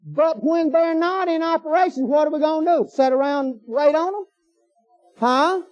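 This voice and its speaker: A man's voice: very high voice, moderate pace, no room sound. A man preaching a sermon in a folksy, emphatic way, firing off rhetorical questions. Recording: dull lo-fi sermon recording.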